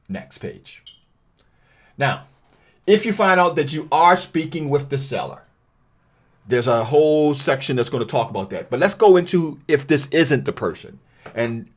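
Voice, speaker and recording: In a real estate training video, a man with a mid-range voice speaks conversationally and reads cold-call phone scripts aloud to demonstrate tone.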